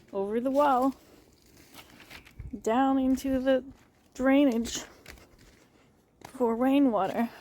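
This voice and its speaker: A middle-aged woman talks into her phone camera on a walk outdoors, out of breath, chatty and laughing. Her voice sits a little high, and a faint hiss runs under it. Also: dark tone, rough recording. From immigrant to Israel. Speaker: resident showing her shelter route. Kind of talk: handheld video walk-through. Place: outdoors, then in a bomb shelter.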